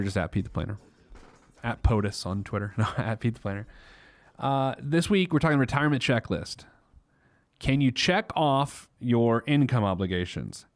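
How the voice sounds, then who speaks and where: A man's voice: medium pitch, no room sound, studio quality. A man in his thirties hosting a casual solo money podcast, talking bluntly and with animation, often restarting his sentences. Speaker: podcast host, financial planner.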